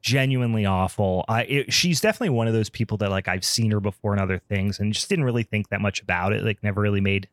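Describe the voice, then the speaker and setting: A man's voice: on the low side, fast talker, few pauses, no room sound, studio quality. A man hosting a podcast in casual chat, rambling and profane with frequent ums. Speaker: podcast host.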